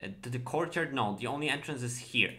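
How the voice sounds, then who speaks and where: A man narrating as dungeon master of a tabletop game, halting and searching for words. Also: medium pitch, sharp tone.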